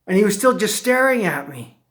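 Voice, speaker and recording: A man telling a personal story as a motivational speaker, slow and deliberate, drawing lessons from it. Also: sits high, expressive, a bit bright.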